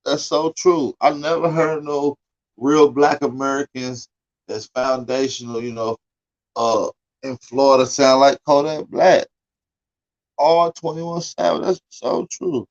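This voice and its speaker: A man's voice: mid-range voice, steady tone, unhurried, highs cut off. A man joining a live stream, eagerly agreeing and repeating himself.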